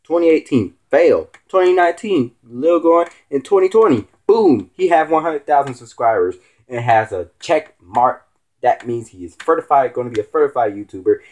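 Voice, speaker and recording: A stand-in show host, this man rants to his vlog viewers in a rambling, teasing way, his pitch swooping. His voice is expressive and darkish, and he talks at normal speed.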